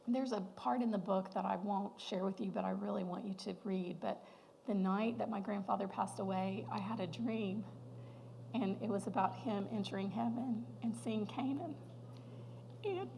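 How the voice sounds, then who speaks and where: High gravelly woman giving heartfelt testimony. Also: dark tone, a little hiss or hum, low-quality recording. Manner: heartfelt, halting, drops to a near whisper at tender moments. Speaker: guest speaker at a women's luncheon. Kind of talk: personal testimony talk.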